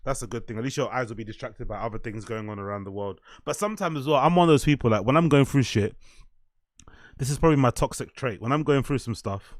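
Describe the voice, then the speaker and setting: A man's voice: mid-range voice, quick pace, no echo, studio quality. Laid-back young man chatting. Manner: laid-back, swearing, laughs often, reads chat aloud. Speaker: livestream host. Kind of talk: casual livestream chat.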